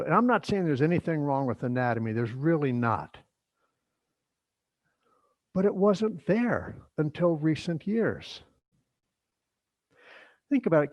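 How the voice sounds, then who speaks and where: A middle-aged man leading a yoga workshop, giving instructions in a relaxed, chatty way with joking asides. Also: on the high side, no echo, dull audio. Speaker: yoga teacher.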